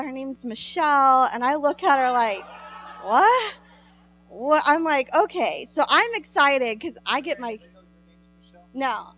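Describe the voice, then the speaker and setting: A woman telling a lively story to a congregation, acting out the voices of the people in it and laughing often. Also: a little high. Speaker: speaker sharing a testimony. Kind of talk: animated testimony to a congregation.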